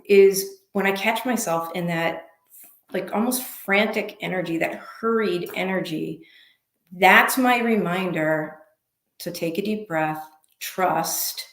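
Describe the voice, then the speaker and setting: Reflective woman guest in an echoey room. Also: lowish voice. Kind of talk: casual online show chat.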